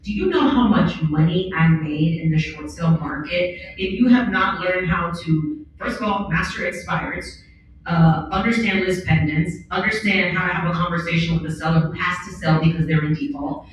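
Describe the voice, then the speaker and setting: Animated woman in a far-off echoey hall. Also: lowish voice, normal speed, a little hiss or hum. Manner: animated, candid, blunt, acts out quotes. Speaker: panel speaker. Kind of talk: conference panel talk. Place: large event hall on a stage.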